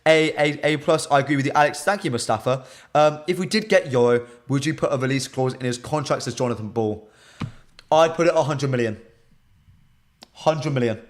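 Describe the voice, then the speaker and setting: A young British man hosting a live stream, chatting casually and answering viewers' comments in lively banter. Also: medium pitch, a little fast. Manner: animated, reads chat comments aloud and banters with viewers.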